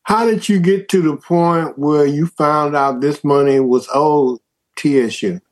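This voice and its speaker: Guy asking interview questions, calm and short, kinda high voice. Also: measured pace.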